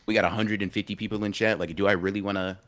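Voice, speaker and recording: A man's voice: on the low side, fairly even intonation, very fast, fairly bright tone. A man co-hosting a casual anime podcast stream, rambling, slangy and repeating himself as he argues his take. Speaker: podcast co-host.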